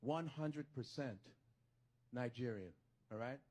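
A man's voice: medium pitch, slow, a little mellow. A man from the United States performing a stand-up comedy routine, telling stories with lots of animation and slipping into put-on voices.

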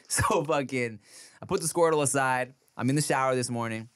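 A man's voice: medium pitch, moderate pace, fairly bright tone, smooth, dry recording, clean studio sound. A man hosting a podcast who tells stories about being a father in casual, swear-filled chat and laughs often. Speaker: podcast host.

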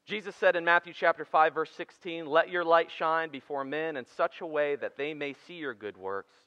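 A man preaching a conversational sermon, joking with the congregation between quiet and emphatic passages. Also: on the high side, normal speed, no room sound. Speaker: pastor. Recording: dry, muffled church sermon recording.

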